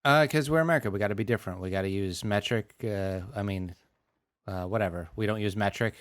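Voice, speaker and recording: Man in his thirties, podcast co-host; low voice, dry laid-back delivery, dry recording. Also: quick pace, no echo. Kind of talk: casual chat.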